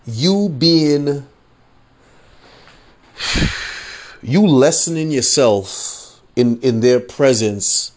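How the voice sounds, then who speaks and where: This podcast host has an animated, mid-range voice but talks extremely slowly, with long pauses. In his casual political rant he swears a lot, says "you know what I'm saying" again and again, mocks the people he quotes, and laughs at his own points.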